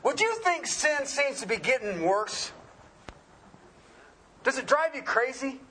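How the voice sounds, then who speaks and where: A man's voice: very high-pitched, lively intonation, slow pace, sharp tone, a little hiss or hum. A man preaching a sermon in a folksy, joking way, often asking the congregation questions.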